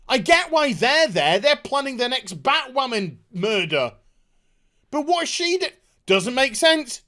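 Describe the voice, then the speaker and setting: Sarcastic, profane ranting reviewer. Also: sits high. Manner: acts out characters in mocking voices; shouts at times. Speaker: video reviewer.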